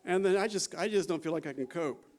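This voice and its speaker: A man's voice: on the high side, a little mellow, slight background noise. A man in his sixties gives a conversational conference talk as a psychology professor, often adding "you know" and "right?" and laughing. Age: 60s. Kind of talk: conference lecture.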